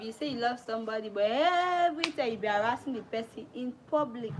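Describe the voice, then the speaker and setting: High-voiced Sierra Leonean woman chatting live. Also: a little hiss or hum, low-quality recording. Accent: Sierra Leonean Krio-tinged English. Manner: chatty, addresses viewers directly, drops into Krio phrases. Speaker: livestream host. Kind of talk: casual livestream chat.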